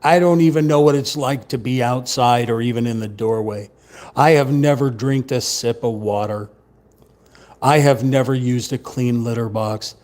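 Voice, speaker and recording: A man's voice: mid-range voice, normal speed, a little mellow, lightly acted. A man voicing a demanding house cat who melodramatically complains about being neglected. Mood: whiny outrage.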